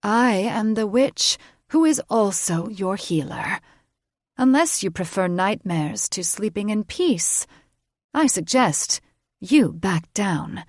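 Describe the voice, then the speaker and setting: A woman voicing an older witch grandmother who scolds with crisp authority. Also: mid-range voice, lively intonation, slow pace, dry recording, clean studio sound. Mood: stern.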